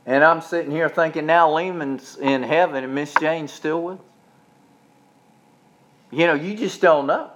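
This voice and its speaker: A man with a fairly high voice preaches a sermon in a plain, folksy way. He often trips over and repeats his words. Then he rises into loud, stretched-out preaching. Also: measured pace, long pauses, slight background noise. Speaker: pastor.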